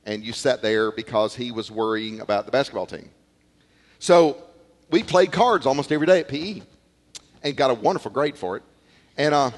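Animated preacher in a reverberant hall. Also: male voice, mid-range voice. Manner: animated storytelling, repeats words, acts out quotes. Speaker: pastor. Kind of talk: sermon. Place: church.

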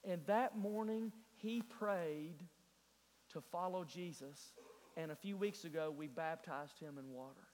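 A man preaching a sermon as pastor, moving from hushed storytelling to fervent, rising exhortation. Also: on the high side, unhurried, big-room sound, slight background noise. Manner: earnest preaching, swings from hushed storytelling to fervent build-ups. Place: church sanctuary.

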